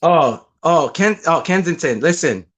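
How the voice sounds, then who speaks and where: A man from Boston with a Boston Black vernacular accent, co-hosting a casual chat, animated and agreeing often. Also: fairly high pitch, a little slow. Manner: animated, repeats "correct" often. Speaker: co-host.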